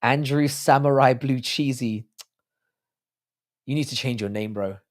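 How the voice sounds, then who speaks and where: A British man with a hoarse, sore throat, hosting a livestream in casual, crude joking banter while reading out viewer comments. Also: mid-range voice, a little slow. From United Kingdom. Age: adult with a child. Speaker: livestream host.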